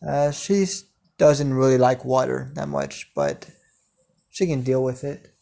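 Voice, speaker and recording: A man's voice: medium pitch, lively intonation, takes it slowly, creaky, dark tone. A man narrating an improvised fan story, hesitant and full of fillers.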